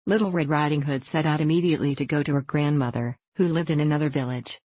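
A narrator reading fairy tales aloud in a measured, expressive way. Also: mid-range voice, no room sound. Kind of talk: storybook reading.

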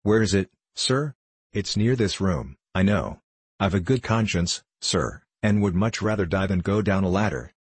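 A man's voice: deep voice, animated, moderate pace, husky, no echo. A man voicing a spiteful, prim young maidservant who speaks viciously and affects faintness.

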